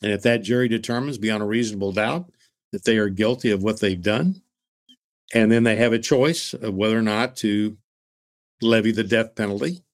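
A man's voice: lowish voice, normal speed. Firm, blunt male co-host. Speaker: podcast co-host, former prosecutor. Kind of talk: casual podcast chat.

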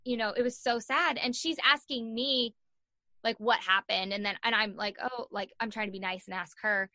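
A young woman in an interview telling a story in a casual, animated way, full of "like" fillers and acted-out quotes. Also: a little high, normal speed, no echo. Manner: animated, acts out quoted voices, many "like" fillers. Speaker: guest.

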